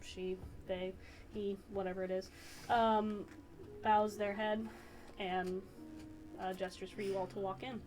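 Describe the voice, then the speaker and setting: A woman narrating a tabletop game as game master, rambling and pausing with fillers. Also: mid-range voice, little pitch movement, darkish tone, low-quality recording.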